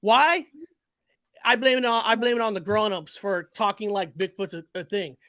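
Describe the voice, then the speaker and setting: Animated, profane man telling a story. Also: high-pitched, a little fast, dry recording. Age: 40s. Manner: animated, profane, restarts and self-corrections. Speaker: guest. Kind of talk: casual storytelling.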